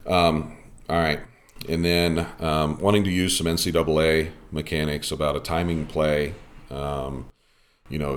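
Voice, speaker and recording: Very deep-voiced man telling a long story. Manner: rambling storytelling with many fillers. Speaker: podcast host and softball umpire. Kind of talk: casual podcast chat.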